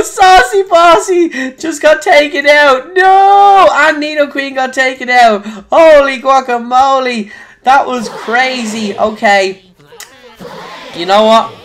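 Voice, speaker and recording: A young Irish man giving excitable live commentary on his own gameplay, swinging between quiet muttering and loud shouts. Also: high-pitched. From Ireland. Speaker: gaming YouTuber.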